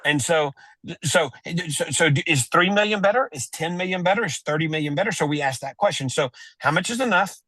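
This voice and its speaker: A man talking as a wealth adviser guest on a podcast, telling stories with lively acted-out dialogue. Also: fairly high pitch, fairly quick, dry recording. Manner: animated storyteller, acts out quoted dialogue. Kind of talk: storytelling in a podcast interview.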